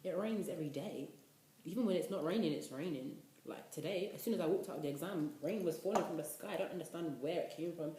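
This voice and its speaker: A woman in her twenties from the UK, a university student giving casual life advice in an animated, chatty way. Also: fairly low pitch, fast talker. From United Kingdom. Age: 20s. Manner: chatty, animated, preachy asides. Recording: echoey room, faint noise.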